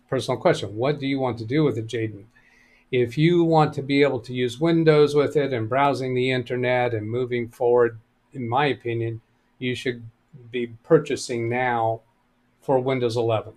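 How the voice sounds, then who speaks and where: A man running a live computer help stream, talking casually as he reads viewer messages aloud and answers them, often thinking out loud. His pitch sits in an ordinary middle range.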